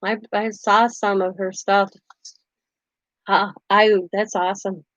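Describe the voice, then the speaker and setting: A woman's voice: medium pitch, level tone, slow, no echo, highs cut off. A woman hosting a casual craft livestream, rambling through stories and laughing often. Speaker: craft channel host.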